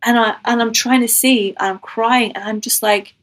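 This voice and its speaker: A woman's voice: on the high side, fairly even intonation, normal speed, a bit bright, poor audio. A woman giving a personal faith testimony as a guest, telling her story in an earnest, emotional way and acting out what was said.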